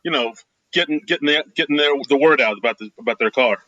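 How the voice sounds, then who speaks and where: Male podcast co-host, bright voice, dry close mic, laid-back rambling recap. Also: on the high side, quick pace, dry recording, muffled recording. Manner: relaxed, loose recaps with filler words. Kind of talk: casual movie discussion.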